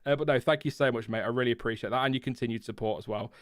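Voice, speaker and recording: Man, livestream host, chatty, smooth clear voice, dry close sound. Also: medium pitch, very fast, dry recording. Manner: chatty, laughs often, reads chat and press releases aloud. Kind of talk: casual live stream chat.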